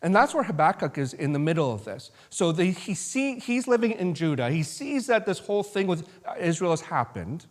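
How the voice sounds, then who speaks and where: A very animated pastor with a high voice talks at a moderate pace and barely pauses, leading a Bible study in the church sanctuary. The informal sermon is loose and conversational, with asides and restarted thoughts.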